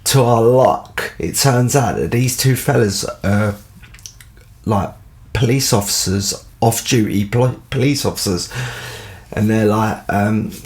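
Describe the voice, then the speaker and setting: Gravelly low-voiced London man rambling. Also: slow. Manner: rambling, full of fillers. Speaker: storyteller. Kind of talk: casual anecdote.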